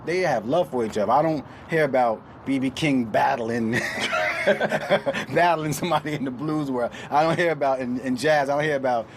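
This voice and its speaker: A man's voice: medium pitch, normal speed, background noise. A man, a rapper, talking casually in an interview, laughing as he makes his points. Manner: laughing, animated when quoting others.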